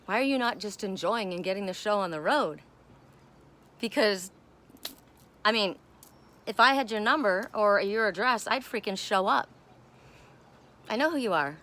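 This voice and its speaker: Chatty expressive woman vlogging. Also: medium pitch, normal speed, long pauses. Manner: chatty and expressive, talks to her cats. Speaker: spiritual vlogger. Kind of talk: casual chat. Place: home deck with garden.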